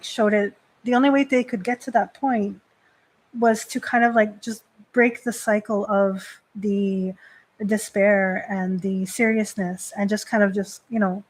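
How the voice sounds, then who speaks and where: A woman priestess hosting a casual live stream. She talks in a chatty, rambling way, filling her sentences with "like." Her voice sits at an ordinary middle pitch. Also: low-quality recording. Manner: chatty, heavy use of "like" fillers. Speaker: Shinto priestess and host.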